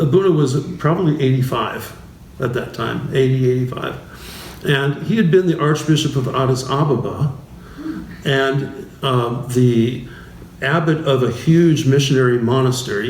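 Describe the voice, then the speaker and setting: A man giving an informal church talk with stories, halting and restarting often between fillers. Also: medium pitch, a little mellow, distant mic. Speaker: bishop teaching a class series. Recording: roomy church hall, voice from afar, faint noise.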